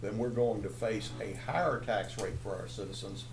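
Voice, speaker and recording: Man commissioner, measured and factual, voice ringing in an echoey meeting chamber. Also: on the low side, noisy background. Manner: measured, citing figures. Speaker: county commissioner. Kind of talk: policy argument at a public meeting.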